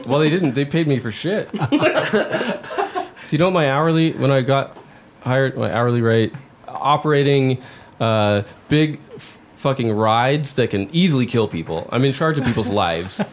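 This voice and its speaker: A man's voice: medium pitch, animated, moderate pace. Laughing storytelling man, faint room hiss. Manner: storytelling, laughs while talking. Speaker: podcast guest. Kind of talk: casual chat. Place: abroad in the UK, remote.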